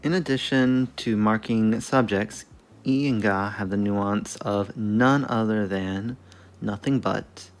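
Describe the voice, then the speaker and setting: A man streaming a study session, thinking aloud, correcting himself and swearing casually as he goes. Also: fairly low pitch.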